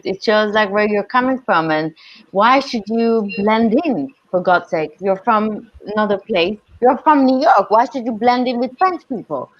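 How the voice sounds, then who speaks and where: A woman's voice: mid-range voice, lo-fi sound. A woman co-hosting a casual podcast, speaking in a chatty, opinionated way with frequent fillers. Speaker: podcast co-host.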